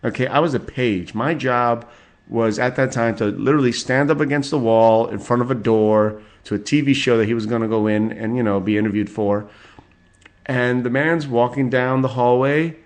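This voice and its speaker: A man's voice: mid-range voice, fairly even intonation, moderate pace. A man in his forties hosting a solo podcast, reading out celebrity birthdays with rambling, profane asides and chuckles. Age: 40s. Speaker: podcast host.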